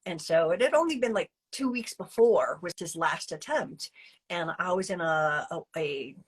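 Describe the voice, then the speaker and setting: A woman guest telling a personal story in an interview, chatty and animated, with fillers and restarts. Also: fairly low pitch, moderate pace, husky. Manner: chatty and animated, many fillers and restarts, acting out her own past lines.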